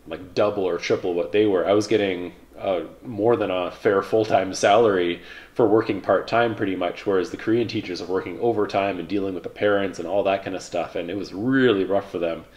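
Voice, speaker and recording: A man in his thirties casually telling stories about his past, relaxed and rambling, with lots of fillers. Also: sits low. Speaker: vlogger, pilot. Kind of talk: casual reflective storytelling.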